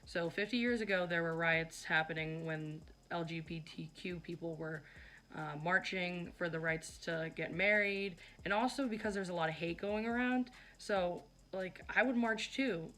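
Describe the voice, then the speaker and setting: A young adult woman with a voice on the low side and a bit bright narrates her vlog at a moderate pace. She's chatty, casual, and teasing, using lots of fillers.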